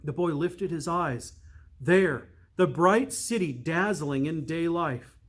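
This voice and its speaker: Slow, measured male storyteller. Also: on the high side, animated. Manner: slow, measured, hushed for suspense. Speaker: priest reading to children. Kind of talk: storybook read-aloud.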